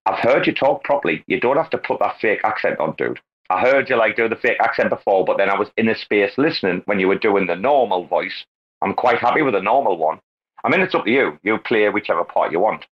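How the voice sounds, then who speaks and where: A man hosting a crypto talk space, brash and excitable, swearing constantly in casual banter. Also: lowish voice, fairly quick, husky. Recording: lo-fi online call audio.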